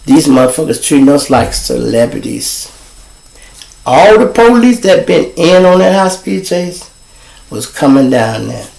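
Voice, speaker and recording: Chicago man hosting a livestream, gravelly voice, profane animated storyteller, echoey room. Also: a little high, unhurried. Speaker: livestream show host. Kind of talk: casual storytelling to viewers.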